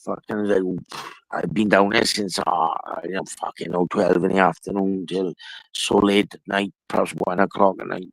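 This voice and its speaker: Gravelly low man, swearing constantly. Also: a bit bright, no echo, rough recording. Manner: profane, rambling storytelling. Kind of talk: casual chat.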